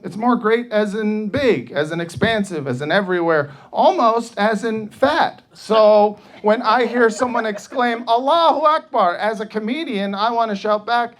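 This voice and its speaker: A man's voice: high voice, a bit bright. A man telling a profane story in a stand-up comedy set, brash and laughing along as he goes.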